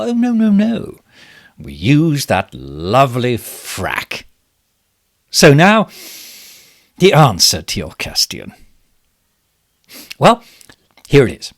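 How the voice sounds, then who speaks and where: A pompous, bumbling minister full of smug self-regard in a comic monologue. His pitch swoops wildly from low murmurs to sudden high exclamations while he drawls at an unhurried pace. The sound is dry and close, with no room around it. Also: fairly bright tone, no echo, full character voice. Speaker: satirical character monologue. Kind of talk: comic monologue as a fake live stream.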